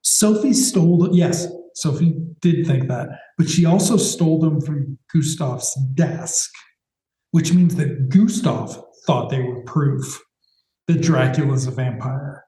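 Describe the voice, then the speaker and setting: A man's voice: on the high side, slow pace, mellow, echoey room, poor audio. A man co-hosting a podcast, recapping a TV episode in casual, sarcastic chat with the odd swear. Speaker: podcast co-host.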